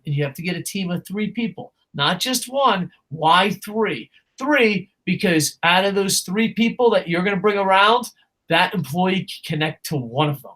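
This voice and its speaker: A man's voice: high voice, moderate pace. A man co-hosting a casual wrestling talk show, ranting with lots of swearing and acting out little quotes. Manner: profane, animated ranting with acted-out quotes. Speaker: podcast co-host.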